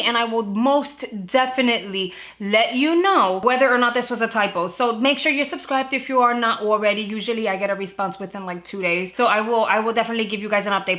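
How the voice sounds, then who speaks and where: A young woman vlogging straight to her viewers in a loose, chatty way, full of quick asides. Her voice sits a little high and rings bright and clear. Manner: chatty, fast asides with frequent "like" and laughs. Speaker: beauty subscription box vlogger. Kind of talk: casual to-camera vlog.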